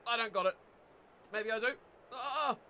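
Excitable high-voiced New Zealand gamer. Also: male voice, normal speed, a little hiss or hum. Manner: excitable, yells at the game. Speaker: gaming YouTuber. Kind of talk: live gameplay commentary.

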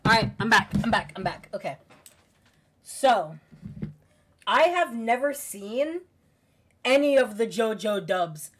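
A young woman streaming a game, chatting casually with her viewers, excitable, giggly and quick to swear. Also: fairly high pitch, a little hiss or hum. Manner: excitable, giggly, swears freely, talks to chat. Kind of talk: casual let's-play commentary.

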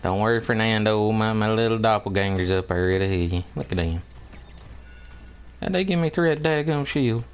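A man's voice: on the low side, moderate pace, smooth. A man giving drawling, exasperated commentary over a team shooter game, pleading with his teammates. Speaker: gamer. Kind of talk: gameplay commentary.

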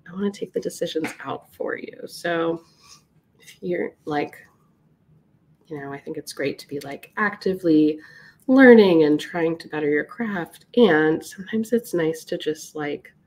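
A woman's voice: low voice, unhurried, a little mellow. A woman teaching a live watercolor class, chatty and upbeat, with lots of fillers. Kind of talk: live painting tutorial.

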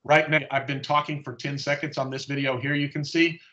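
Man demoing software, slightly muffled. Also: a little high, little pitch movement, brisk. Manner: explanatory, step-by-step, casual. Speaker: conference presenter. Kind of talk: live software demonstration. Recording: slightly dull lo-fi audio.

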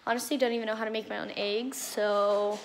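A woman's voice: mid-range voice, flat delivery, a little fast, a little hiss or hum. A teenage girl chatting casually in a vlog, swearing a lot, filmed on a phone in her car. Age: teens. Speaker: vlogger. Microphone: phone camera.

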